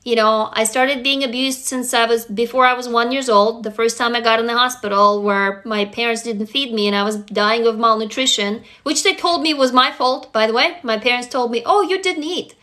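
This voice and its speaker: Woman, livestream host, high voice, blunt, emphatic, profane, pushes viewers to commit. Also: steady tone, normal speed, few pauses, sharp tone. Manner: blunt, emphatic, swears freely, urges viewers directly. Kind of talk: motivational livestream talk.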